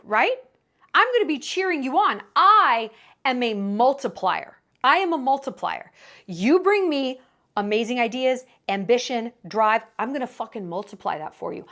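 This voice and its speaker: A young adult woman, a vlogger, offers dating advice in casual commentary to the camera. Her voice is a little high with a fairly bright tone, and her delivery is emphatic and dramatic, now and then slipping into quoted voices.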